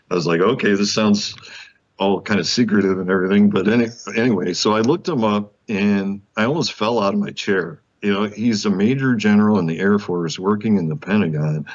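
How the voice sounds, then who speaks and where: A man with a very low voice recounts a story as a guest in an interview, acting out the back-and-forth and laughing as he goes. The sound is a little dull and muffled, like a modest remote recording. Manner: animated, laughs often, acts out quoted dialogue. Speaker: guest author.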